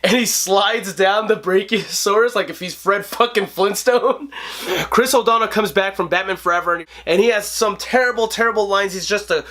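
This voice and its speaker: A man in his twenties hosting a casual movie review vlog, animated and joking, laughing often. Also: high-pitched, normal speed. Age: 20s. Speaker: host.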